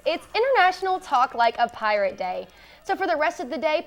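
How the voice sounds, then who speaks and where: High-voiced young woman anchoring student news. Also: big pitch swings, brisk. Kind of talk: student newscast.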